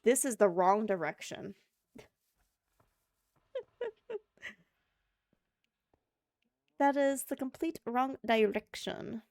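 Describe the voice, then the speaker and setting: A woman's voice: fairly high pitch, animated, very slow, long pauses, a little mellow, no room sound, studio quality. A woman streamer chatting casually and thinking aloud while playing a game. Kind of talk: casual live-stream chat while gaming.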